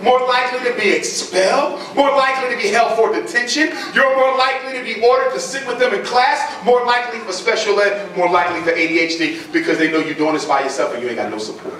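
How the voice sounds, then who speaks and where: A man's voice: sits high, quick pace, few pauses, crowd noise. A man giving a fiery public lecture, speaking in a blunt, mocking, preacher-like way. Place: lecture hall with audience. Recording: echoey hall, distant mic, audience.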